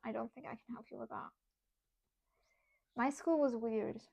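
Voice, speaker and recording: Chatty young woman streamer, higher voice. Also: steady tone, normal speed, vocal fry, darkish tone. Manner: chatty, rambling, self-amused. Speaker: artist streamer. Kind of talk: casual livestream chat.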